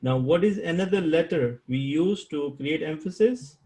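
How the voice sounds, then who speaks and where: A man teaching an online Arabic grammar class over a video call, slow and patient, repeating key terms and quizzing his students. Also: on the high side, expressive, a little mellow, rough recording. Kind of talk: live online class lecture.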